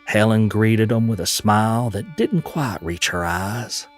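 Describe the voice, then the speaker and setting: A man narrating a fantasy audio drama in a measured, storytelling way, with folksy Southern turns of phrase. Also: on the low side, expressive, soft background music.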